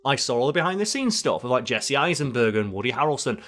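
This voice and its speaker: A man co-hosting a podcast, talking in an excitable, animated way and swearing freely in casual chat. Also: medium pitch, quick pace. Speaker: podcast co-host.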